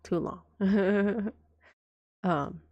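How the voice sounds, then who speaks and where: A young woman with a cold-roughened, hoarse voice, chatting in a whispered role-play as a streamer, soft and breathy and often dropping to a whisper. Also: medium pitch, drawn-out words, dry recording, muffled recording. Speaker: vtuber streamer.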